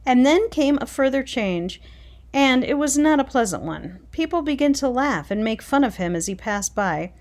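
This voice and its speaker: A woman reading a children's chapter book aloud, expressive and dramatic. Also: sits high, normal speed. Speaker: reader. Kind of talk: storybook read-aloud.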